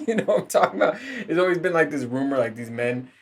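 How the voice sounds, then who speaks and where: A fast-talking, animated podcast host with a slightly high voice goes on a casual solo rant. The adult father swears a lot, wanders into rambling asides and laughs often.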